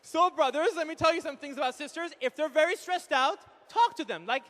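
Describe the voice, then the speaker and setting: A man in his thirties doing animated stand-up comedy, acting out quick voices of husbands and wives on a live hall mic. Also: very high voice. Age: 30s. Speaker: comedian speaker at an event. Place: large hall with an audience.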